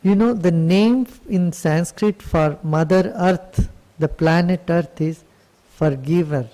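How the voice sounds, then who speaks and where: A man giving a spiritual talk as a teacher, telling a story in a gentle, unhurried storytelling manner. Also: a little high, rough recording.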